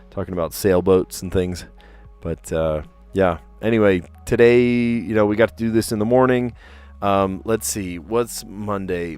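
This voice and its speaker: Chill guy rambling on his daily puzzle stream, kinda low voice, lots of ums, soft music in the back. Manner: relaxed, chatty, many fillers, laughs often. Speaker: teacher and puzzle livestreamer. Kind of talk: casual livestream chat.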